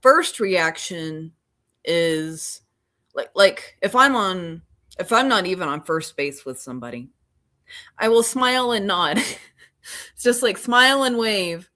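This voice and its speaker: A woman's voice: on the low side, animated, unhurried, sharp tone. A woman from Oklahoma co-hosting a podcast in casual chat, rambling with many fillers and restarts. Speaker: podcast co-host.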